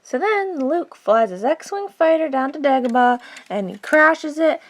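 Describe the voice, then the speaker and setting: A woman's voice: high-pitched, expressive, a little slow, hardly any pauses. A woman casually recapping a movie with toy figures, chatty and rambling, full of jokey asides. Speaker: vlogger.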